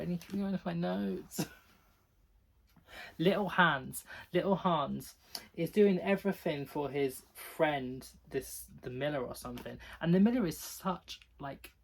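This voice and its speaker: A man's voice: on the high side, gravelly, darkish tone, slightly rough. Rambling man reviewing books. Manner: rambling, peppered with "like"; chatty and giggly. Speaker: book vlogger. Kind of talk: casual book review chat.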